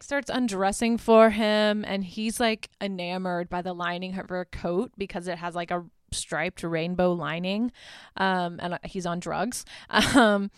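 Smooth-voiced woman in a chatty recap. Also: mid-range voice, no room sound, clean studio sound. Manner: chatty, laughs often, lots of "like" and "um"; playfully crude, acts out characters' lines. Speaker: podcast host. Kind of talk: casual film recap.

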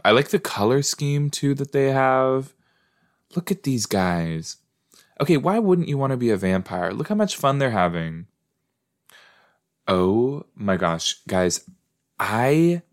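A man hosting a podcast, giving casual, playful reaction commentary while watching a show and laughing easily. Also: lowish voice. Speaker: podcast host.

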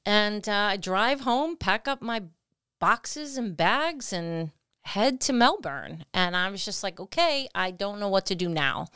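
A woman co-hosting a podcast, telling a personal story in a lively way and acting out her own past words. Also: medium pitch, measured pace, clear, resonant tone, dry recording, clean studio sound. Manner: animated, acts out her own past lines. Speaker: podcast co-host. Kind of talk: storytelling conversation.

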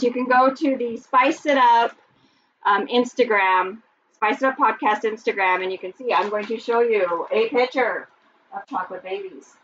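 A woman hosting a podcast in casual chat, giggly and rambling as she talks quickly. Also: fairly high pitch. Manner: giggly, rambling, fast-talking. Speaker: podcast host. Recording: distant mic, dull sound, faint noise.

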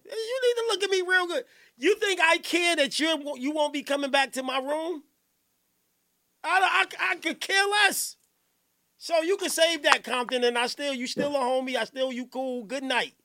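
Male podcast host, very high and bright voice, rowdy, laughs and shouts a lot. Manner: excitable, laughs and shouts, keeps saying hold on. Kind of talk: rowdy live podcast chat.

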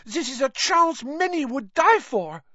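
A man voicing an indignant, haughty young woman in a story reading, pitched far up. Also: very animated, a little slow, pushed and bright, dry recording, heavily acted. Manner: high, haughty, insistent. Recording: dull, slightly lo-fi.

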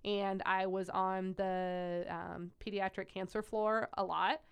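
Chatty young woman with a clear voice. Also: mid-range voice, slow. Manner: animated, lots of "like" fillers. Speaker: pediatric nurse, guest. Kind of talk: conversational interview storytelling.

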